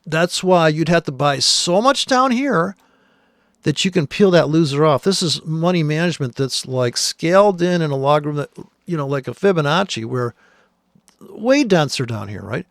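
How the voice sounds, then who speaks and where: A man's voice: fairly high pitch, lively intonation, normal speed, fairly bright tone, dry recording, clean studio sound. A man who trades, walking through charts on screen in blunt, profane, exasperated commentary.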